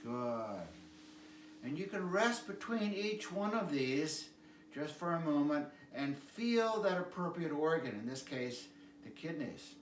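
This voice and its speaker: A man leads a qigong class in a slow, calm voice, repeating his cues patiently. His voice sits a little high. He is heard from a distance in an echoey room with a faint hiss behind. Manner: calm, unhurried cueing with repeated prompts. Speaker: qigong instructor. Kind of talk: guided exercise instruction.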